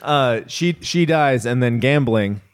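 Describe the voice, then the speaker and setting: Comedy podcast co-host, animated pitch, playful storyteller. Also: male voice, takes it slowly, smooth. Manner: playful storyteller, frequent laughs. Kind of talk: improvised comedy chat.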